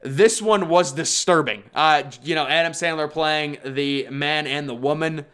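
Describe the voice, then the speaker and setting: A man's voice: on the high side, unhurried, fairly bright tone, clear, resonant tone. A man giving casual ranked commentary on bad films, exasperated and rambling, with frequent restarts and mocking quoted asides. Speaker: movie reviewer.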